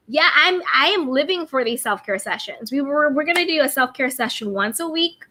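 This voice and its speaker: A woman's voice: high-pitched, expressive, fairly quick, hardly any pauses, sharp tone, a little hiss or hum. A woman hosting a casual self-care livestream, greeting viewers from the chat and repeating upbeat affirmations. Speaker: livestream host reading chat.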